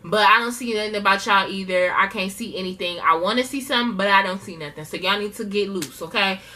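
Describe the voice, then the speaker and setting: A woman imitating a blunt, weary female TV judge with a lower voice. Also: fast, pushed and bright, slight background noise, lightly acted. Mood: fed up. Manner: blunt, dismissive.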